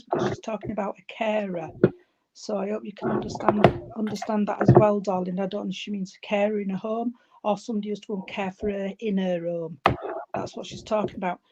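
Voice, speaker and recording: A woman working as a spiritualist medium at a church service, relaying messages in a halting way and often calling the listener darling or sweetheart. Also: mid-range voice, steady tone, dull audio. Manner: halting, with many fillers and restarts. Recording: loud background noise with clicks.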